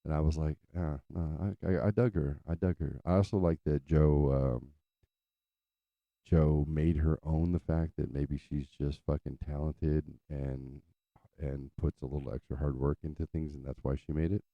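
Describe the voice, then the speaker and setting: A man's voice: a bass voice, fairly even intonation, normal speed, vocal fry, no room sound, lo-fi sound. A man from California telling a rambling story in casual, profane chat, full of fillers, as host of his show. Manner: loose, profane, chatty, trails off in filler. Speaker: podcast host.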